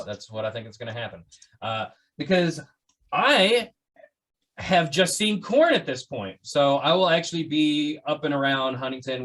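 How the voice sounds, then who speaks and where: A man's voice: medium pitch, a bit bright. A man hosting a podcast in a casual, joking way, teasing his co-hosts and reading out facts. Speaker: podcast host. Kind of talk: casual chat.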